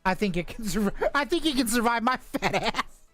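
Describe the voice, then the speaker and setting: A man's voice: extremely high pitch, expressive, fairly quick, pushed and bright, no room sound, faint music behind. A man running a tabletop game over voice chat, joking and swearing, stalling with lots of uh's. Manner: profane, joking, hesitant with many fillers. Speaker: game master. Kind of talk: casual tabletop game narration.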